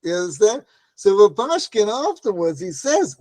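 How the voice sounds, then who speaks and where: An animated man with a high but darkish voice teaches a Torah class at normal speed, recorded without echo. He tells stories chattily, often adding "right?", and acts out quoted voices.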